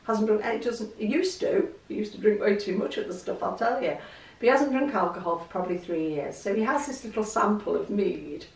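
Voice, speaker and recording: A woman's voice: medium pitch, a little fast, vocal fry. An English woman vlogging in a chatty storytelling way, laughing easily as she talks. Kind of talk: casual chat to camera. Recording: roomy echo, distant mic.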